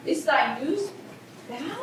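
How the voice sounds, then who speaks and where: An impatient, lovestruck teenage girl who pleads eagerly for news. A young woman acts her on a stage. Her high voice is caught from far away, and it echoes strongly through the hall over a faint ambient hum. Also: expressive, slow pace, a bit bright, exaggerated voice. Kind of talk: stage play performance. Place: theater stage.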